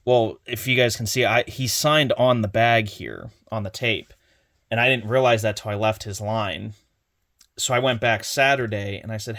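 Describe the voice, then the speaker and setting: A man's voice: on the low side, steady tone, normal speed, fairly bright tone. A young man casually retelling a convention visit, rambling with fillers and restarts as he quotes conversations. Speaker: collector vlogger. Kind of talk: casual convention haul recap.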